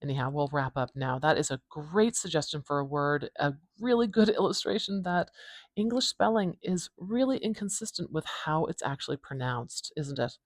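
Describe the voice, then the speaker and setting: Calm woman teaching phonetics, dry sound. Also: low voice, no echo. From Canada. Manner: calm, unhurried, explains step by step. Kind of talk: relaxed ASMR-inspired phonetics lesson. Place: home room.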